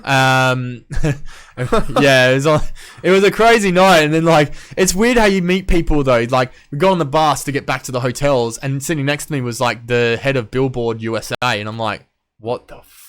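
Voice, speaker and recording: Smooth-voiced guy rambling. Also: mid-range voice, moderate pace, a bit bright. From Western Australia. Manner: rambling, many ums, swears casually. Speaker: guest DJ and producer. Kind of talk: casual podcast chat.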